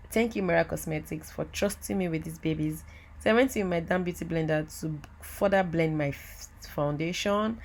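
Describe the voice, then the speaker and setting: A woman giving a chatty, excitable voiceover for a makeup tutorial, talking straight to her viewers. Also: sits low. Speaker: makeup artist. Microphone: voiceover mic.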